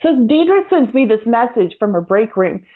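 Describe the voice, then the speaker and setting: A woman's voice: a little high, very animated, moderate pace. Woman co-host, inquisitive and rambling, tinny phone sound. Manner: curious, rambling questions. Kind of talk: casual live-stream chat.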